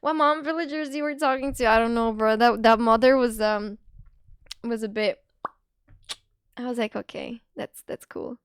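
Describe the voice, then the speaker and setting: A woman streams and chats casually with her viewers. Her voice sits high, and she laughs easily between quick asides, filling her sentences with "like." The sound is close and dry, with no room in it. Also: steady tone, smooth, no room sound. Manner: chatty, giggly, full of "like" and quick asides. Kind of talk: casual live-stream chat.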